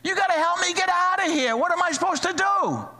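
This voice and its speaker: A man's voice: extremely high pitch, expressive, fairly quick, pushed and bright, voice pushed up, exaggerated voice. A preacher voicing a panicked man dangling from a cliff branch, pleading frantically for help. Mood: frantic.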